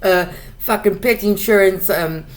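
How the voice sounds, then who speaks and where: Her medium-pitched voice runs a little slow as this South African podcast host delivers a solo rant. She's blunt and casual, swearing a lot and repeating words once she gets heated.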